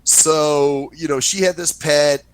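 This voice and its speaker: A man hosting a casual talk show, telling a story in a profane, lively way and acting out what others said. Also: fairly high pitch, takes it slowly, clear, resonant tone, no echo, poor audio. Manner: profane, animated anecdote-telling, acts out quoted voices. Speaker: podcast host.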